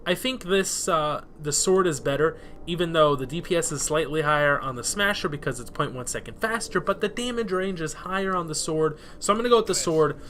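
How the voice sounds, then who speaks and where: A man giving rambling, excitable let's play commentary, swearing freely while he plays. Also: on the high side, a little fast, few pauses, a little hiss or hum. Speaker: gameplay commentator.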